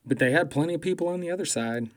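A man doing a profane comedic political rant, swearing constantly, mocking loudly and laughing at his own jokes. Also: on the high side, racing.

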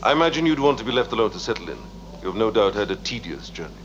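A man's voice: on the low side, big pitch swings, very fast, a bit bright. A man playing a stiff, formal outgoing base commander with an odd, unplaceable put-on accent, on a dull TV soundtrack. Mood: curt. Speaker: actor in a TV drama clip. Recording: dull TV soundtrack, faint hiss.

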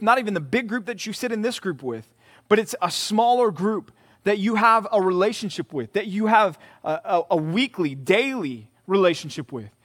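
Man, high voice, pastor, conversational sermon, emphatic, repetitive. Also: fairly bright tone. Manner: conversational, emphatic, repeats key words. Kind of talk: sermon to a college group. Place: church meeting room.

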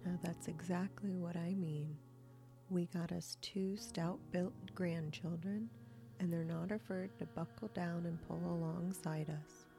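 A woman reading the lines of a gruff but kindly old grandfather in a slow, soft folksy drawl. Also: lowish voice, fairly even intonation, faint music behind.

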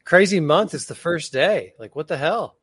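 A man co-hosting a casual podcast, talking in an excitable, animated way. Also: a little high, normal speed, husky, no echo. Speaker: podcast co-host. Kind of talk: casual chat.

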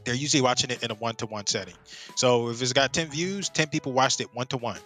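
A man's voice: mid-range voice, fast talker, fairly bright tone, soft background music. A middle-aged man coaching real estate marketing in a casual presentation, often checking in with "right?".

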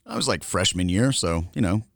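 A man's voice: low-pitched, lively intonation, a little fast, vocal fry. A man co-hosting a podcast, telling a story casually and laughing often as he goes. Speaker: podcast co-host.

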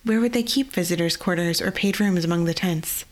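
A woman author reading her own fantasy story aloud in a steady scripted narration and hosting the podcast. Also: lowish voice, a little fast.

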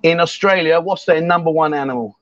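English guy hosting a livestream, jokey and teasing, high bouncy voice, dull lo-fi sound. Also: brisk, fairly bright tone, dry recording. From England. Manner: jokey, teasing, reads viewer comments aloud. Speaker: livestream host. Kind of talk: casual livestream chat. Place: bar in Thailand.

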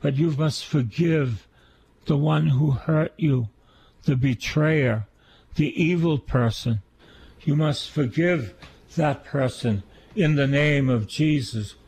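A man's voice: a little high, slow, darkish tone, breathy edge. A man, a priest, giving an earnest sermon on scripture and repeating key phrases for emphasis.

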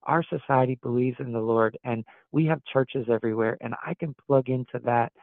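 A man's voice: mid-range voice, brisk, no echo. A man from Wisconsin, a guest pastor in a podcast interview, talking earnestly and reflectively, often restarting his sentences as he thinks aloud. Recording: tinny phone-like dry sound.

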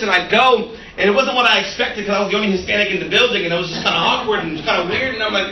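A man preaching as a pastor, an animated storyteller who laughs and acts out the dialogue. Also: high voice, brisk, slight background noise. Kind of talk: sermon with storytelling. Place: church sanctuary. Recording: echoey room from a distant mic.

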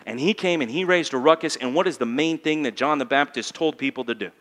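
Emphatic pastor preaching in a reverberant hall. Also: male voice, a little high, quick pace. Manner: builds to loud emphatic peaks, then drops to quiet intensity; asks the congregation to call back answers. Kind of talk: sermon.

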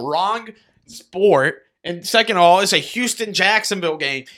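A young man co-hosting a sports podcast, swearing a lot, laughing and mimicking fans in sudden loud bursts. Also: a little high, moderate pace. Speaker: podcast co-host. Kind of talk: casual sports chat.

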